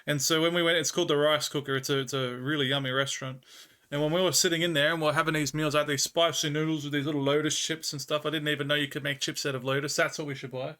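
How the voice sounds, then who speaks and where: A man's voice: a little high, little pitch movement, quick pace, sharp tone. A man with an Australian accent chatting with viewers on a live stream, telling rambling stories and laughing often. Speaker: livestreamer. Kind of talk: casual chat with viewers.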